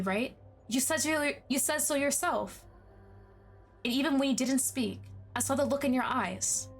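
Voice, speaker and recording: A woman voices an unhinged, possessive young man from a game. He pleads and threatens by turns, his voice often dropping low and quiet at the end of a line. The delivery sits a touch high. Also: husky, full character voice. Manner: pleading then menacing, dropping to low hushed endings. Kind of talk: game dialogue read aloud.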